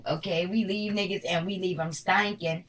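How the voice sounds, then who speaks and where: A woman's voice: lowish voice, steady tone, normal speed, distant mic, noisy background. A woman from Harlem with a New York accent, giving a casual tarot reading in a blunt, slangy, profane way. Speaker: tarot reader.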